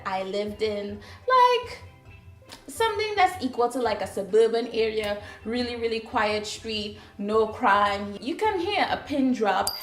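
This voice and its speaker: A woman's voice: on the high side, roomy sound. A woman from Trinidad with a Trinidadian accent, telling a casual storytime with chatty, sassy asides to viewers. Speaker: vlogger.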